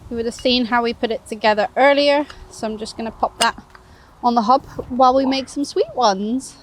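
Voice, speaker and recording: A woman's voice: on the high side, brisk, slight background noise. A woman chatting casually while showing how she makes toasties outdoors on a fishing bank, laughing often. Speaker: co-presenter, cooking on the bank. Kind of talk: casual cooking demo chat.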